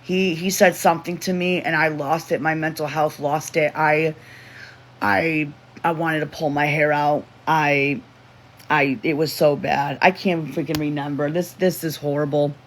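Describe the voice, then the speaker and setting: A livestream host tells a personal story in a loose, rambling way, stopping to restart sentences and to read the chat. The voice sits in a middle pitch range, neither high nor low. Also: fairly even intonation, measured pace, fairly bright tone, a little hiss or hum. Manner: rambling, with self-interruptions and restarts; emotional retelling, reading chat aloud.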